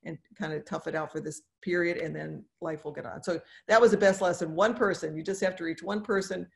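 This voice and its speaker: A woman's voice: fairly low pitch, fairly even intonation, fairly quick, creaky. A woman in her sixties, a dentist and speaker, talking earnestly in a podcast interview, encouraging and repeating phrases for emphasis. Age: 60s.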